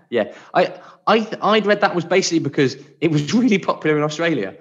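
A man's voice: fairly high pitch, expressive, brisk, a bit bright, a little hiss or hum. Male co-host, easygoing chat, lo-fi sound. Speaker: podcast co-host. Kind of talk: casual educational chat.

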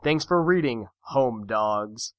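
A man's voice: mid-range voice, expressive, slow pace, dry recording, clean studio sound. A man reading a fan letter as a boastful young wannabe rapper, mock-cool and showy. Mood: swaggering. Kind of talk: reading a listener letter aloud.

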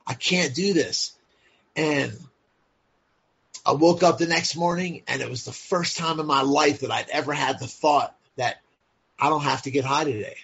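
Husky-voiced man, blunt and profane. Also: a little high, normal speed, a bit bright. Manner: blunt and profane, many fillers like "like" and "you know". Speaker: podcast guest. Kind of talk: candid personal storytelling. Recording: dull lo-fi sound.

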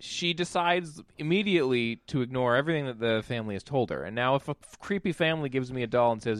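Profane, animated man recapping a movie. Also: mid-range voice, fast talker, few pauses, dry recording. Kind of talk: casual movie review chat.

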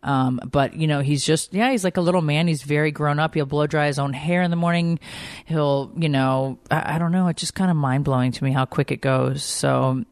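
A woman co-hosting a casual chat, telling stories with lively quoted voices. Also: low-pitched, brisk, no echo, studio quality. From Georgia, US. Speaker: podcast co-host.

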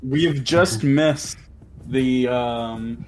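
A man narrating a tabletop game as game master, animated and laughing. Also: medium pitch, drawn-out words, a crowd in the background.

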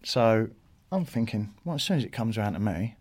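On a podcast, a middle-aged guest with a fairly low-pitched voice shares an anecdote at normal speed. He's casual and animated, peppering it with swearing and impersonating what others said.

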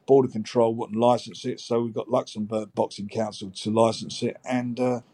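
A man with an even, monotone delivery and a mellow, dark tone, telling a documentary interview what happened. His recounting is plain and matter-of-fact. The sound is dry and close. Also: medium pitch, normal speed, no echo. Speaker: boxing promoter.

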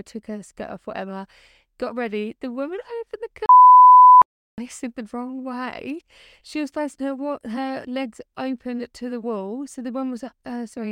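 Woman, podcast co-host, giggly storyteller, higher voice, dry close mic. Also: a little mellow, dry recording. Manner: giggly storytelling, laughs mid-sentence. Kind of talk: casual chat.

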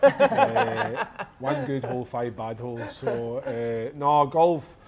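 Scottish co-host, 30s, mid voice, rowdy storyteller. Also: male voice, mid-range voice, lively intonation, takes it slowly, vocal fry, a crowd in the background. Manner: boisterous storyteller, laughs a lot, swears. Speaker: podcast co-host. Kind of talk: casual chat.

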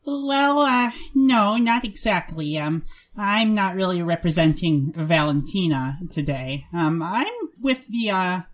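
A woman playing a tabletop game in character, hesitant and halting with many fillers. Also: on the low side, lively intonation. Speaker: player. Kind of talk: in-character tabletop role-play.

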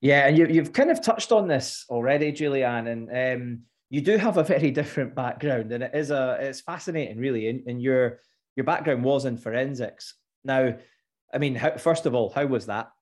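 A podcast host leads an interview with a relaxed, jokey manner and laughs often. The voice sits at a middling pitch and stays easygoing throughout. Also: normal speed.

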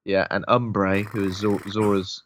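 A man's voice: fairly low pitch, level tone, unhurried. A man co-hosting a casual film review podcast, chattily retelling a plot with asides. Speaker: podcast co-host.

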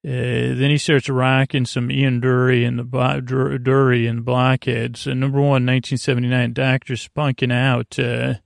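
Flat, gravelly man rambling a recap. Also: medium pitch, dry recording, studio quality. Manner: rambling, halting, full of fillers and restarts. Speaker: podcast host. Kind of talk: drowsy episode recap for sleep.

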